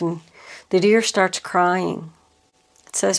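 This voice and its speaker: A woman giving a tarot reading to camera, slow and reassuring as she talks through the cards. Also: fairly low pitch, fairly even intonation. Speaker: tarot reader.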